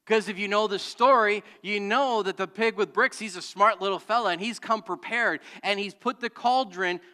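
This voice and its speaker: Guy pastor preaching in a church, smooth clear voice, big hall echo. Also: sits high, normal speed, pushed and bright. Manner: storytelling with audience call-and-response. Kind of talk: sermon. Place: church sanctuary.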